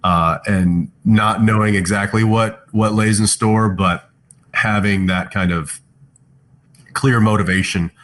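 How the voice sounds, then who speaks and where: A man's voice: on the low side, steady tone, slow pace, a bit bright. A man chatting thoughtfully on a virtual fan panel, reading out fan questions from home over a video call. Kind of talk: casual panel chat.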